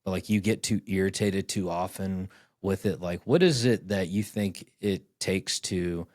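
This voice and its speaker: A man's voice: low-pitched, measured pace, darkish tone, no echo, studio quality. A man in his thirties hosting a podcast, telling rambling stories in casual chat, acting out dialogue and swearing often. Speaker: podcast host.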